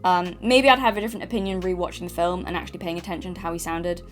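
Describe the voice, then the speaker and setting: A woman's voice: fairly low pitch, steady tone, racing, soft background music. A woman from Yorkshire with a mild English accent, giving an opinionated video essay in a blunt style with casual asides. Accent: mild English, no strong Yorkshire accent. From Yorkshire, England. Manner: opinionated, blunt, sometimes swears.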